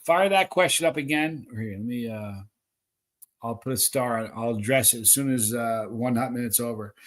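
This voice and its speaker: A man hosting a live stream, reading viewer comments aloud and calling out excited countdowns. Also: medium pitch, normal speed.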